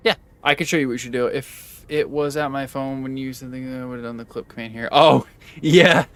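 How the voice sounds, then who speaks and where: A man's voice: mid-range voice, steady tone, fairly quick. A young man chatting casually with his live-stream viewers while he plays, rambling and correcting himself as he goes. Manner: rambling, self-correcting, talks to chat.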